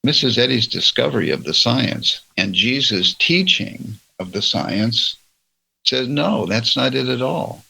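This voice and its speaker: A man leading a church roundtable, reading religious passages aloud in a slow, measured way. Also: medium pitch, big pitch swings, gravelly, sharp tone, breathy edge, poor audio. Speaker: church discussion leader. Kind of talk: reading and discussing religious texts.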